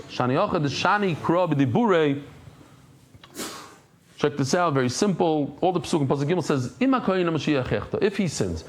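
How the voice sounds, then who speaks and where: At a normal pace and a somewhat high pitch, a man teaches a Daf Yomi Talmud class. He tells vivid stories, acting out the characters in their own voices while mixing Hebrew and Yiddish vocabulary.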